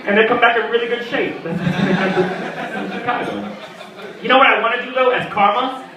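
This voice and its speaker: A man's voice: very high-pitched, steady tone, moderate pace, background noise. A young man performing a crude, mocking stand-up comedy set full of voiced quotes. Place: comedy club stage. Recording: echoey club mic from a distance with crowd. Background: audience laughter.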